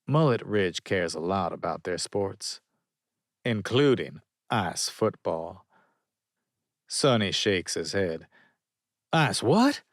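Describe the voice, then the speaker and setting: A man with a low voice narrates a small-town romance in the first person, unhurried and wry. His intonation moves a lot, and the recording is dry and close with no room sound. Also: expressive, dry recording. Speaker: audiobook narrator.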